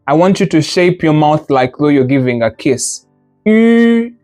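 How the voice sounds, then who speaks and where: A man's voice: fairly high pitch, moderate pace, a little mellow, faint music behind. A man teaching a language class, patiently modeling sounds and drilling students with repetition. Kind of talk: classroom lesson.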